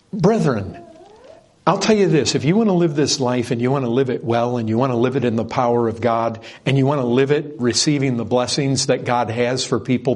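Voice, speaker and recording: A man's voice: mid-range voice, darkish tone. A man preaching an earnest, emphatic sermon, repeating words for stress.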